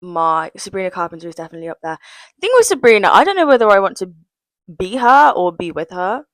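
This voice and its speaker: Chatty young woman with lively pitch. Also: fast, no room sound, rough recording. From England, West Midlands. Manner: chatty and self-deprecating, with giggles and dips into whispers. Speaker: vlogger. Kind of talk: casual get-to-know-me vlog.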